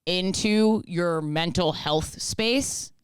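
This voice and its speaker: A woman's voice: on the low side, very slow, smooth, no room sound. A woman co-hosting a podcast in casual chat, giving blunt, opinionated advice. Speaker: podcast co-host. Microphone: studio microphone close up.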